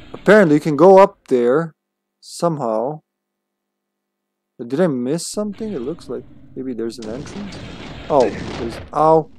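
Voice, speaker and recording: A man's voice: fairly high pitch, expressive, slow, pauses often, a little mellow, a little hiss or hum. Chatty man swearing through gameplay. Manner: chatty, swears freely, yelps at hits. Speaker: streamer. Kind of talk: casual gameplay commentary.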